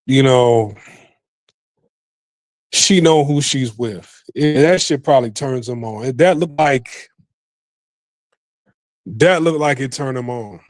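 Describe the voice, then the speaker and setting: A man's voice: medium pitch, takes it slowly, long pauses, dry recording. A man hosting a podcast, giving rambling, profane casual commentary and repeating himself often. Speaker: podcast host.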